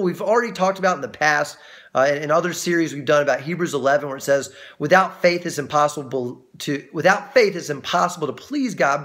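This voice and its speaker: A man teaching on a Bible passage as a pastor, in a conversational way with frequent restarts, lively when he acts out quoted voices. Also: on the high side.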